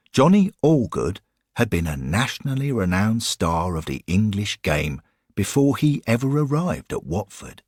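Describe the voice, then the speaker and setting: Slow, husky-voiced male storyteller. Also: deep voice, no room sound. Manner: dry, wry, expressive reading. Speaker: narrator. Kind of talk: scripted storytelling narration.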